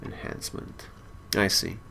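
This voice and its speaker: A man's voice: a little slow, sharp tone, slight background noise. A man hosting a casual let's play, joking and rambling as he plays. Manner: jokey and rambling, chuckles at his own jokes. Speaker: gaming channel host.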